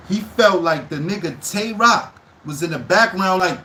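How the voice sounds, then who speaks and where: A man breaking down a battle rap on a casual live stream, quoting lines in a raised, animated voice and talking in loose slang. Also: a little high, a little slow.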